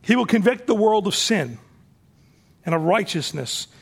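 Gravelly high-pitched male preacher. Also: big pitch swings, moderate pace. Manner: conversational preaching with repeated restarts. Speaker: pastor. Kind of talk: sermon.

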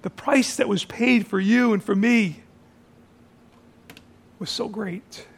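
A high-pitched male pastor delivers a communion sermon. He builds phrases through repetition, dropping to near-whispers and then rising to strong, raised lines. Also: slow, gravelly, husky. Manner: dramatic swings from soft near-whisper to raised, shouted phrases; repeats phrases for emphasis.

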